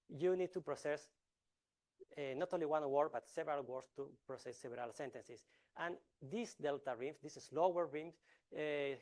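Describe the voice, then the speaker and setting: A man presenting a research talk in an academic lecture style, explaining step by step with frequent filler sounds, restarts and deliberate pauses. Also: on the high side, darkish tone.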